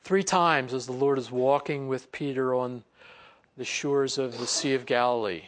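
A man preaching a Bible lesson in a relaxed, conversational way, acting out quoted lines and chuckling as he goes. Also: medium pitch, moderate pace. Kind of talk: sermon.

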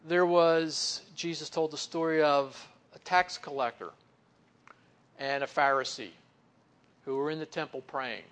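A man delivering an easygoing, conversational sermon, his voice sitting a touch high. He keeps saying "you know", draws out important words slowly for weight, then lets lines fall quiet and soft. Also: clean tone. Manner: folksy, fills pauses with "you know"; stretches key words slowly for emphasis, then drops soft. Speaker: pastor or Bible teacher.

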